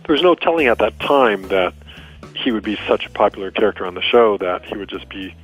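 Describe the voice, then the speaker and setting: A man giving a measured, reflective interview answer. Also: lowish voice, expressive, soft background music, poor audio.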